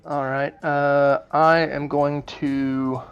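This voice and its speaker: A man playing in a tabletop game, easygoing and halting, on a dull lo-fi mic. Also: a little high, little pitch movement, clear, resonant tone, faint music behind. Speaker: player. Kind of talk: casual tabletop play.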